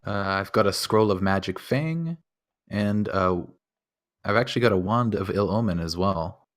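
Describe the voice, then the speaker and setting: A man plays a tabletop game in a low, easygoing voice. He speaks casually and hesitates over his words. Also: a little slow. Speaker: player.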